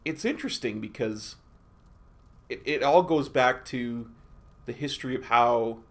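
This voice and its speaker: A man's voice: mid-range voice, unhurried. A man streaming a game, chatting casually with his viewers in a laid-back, rambling way. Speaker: gaming streamer. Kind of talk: casual gameplay chat.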